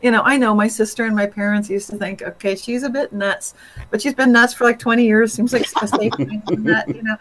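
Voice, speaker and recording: A woman's voice: fairly high pitch, fast, hardly any pauses, rough recording. A woman, a guest author, telling an anecdote in casual chat and laughing often. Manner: animated, laughs often while telling a story.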